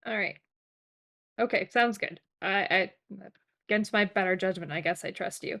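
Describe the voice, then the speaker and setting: A woman's voice: medium pitch, normal speed, a bit bright. A woman playing a tabletop game, hesitant and laughing as she speaks for her character. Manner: hesitant, giggly. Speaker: player. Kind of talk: casual tabletop play.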